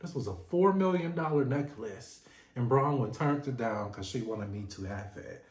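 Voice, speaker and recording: A man's voice: medium pitch, expressive, moderate pace, a little mellow. A man giving a sassy, playful recap of a reality show in a casual vlog. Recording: echoey room.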